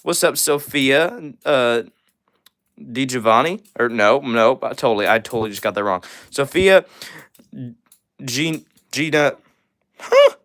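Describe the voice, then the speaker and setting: A young man from Missouri hosting a livestream, rapidly reading and answering viewer comments with lots of fillers. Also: mid-range voice, expressive, fairly bright tone. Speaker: livestream host. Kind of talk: fast live chat reading.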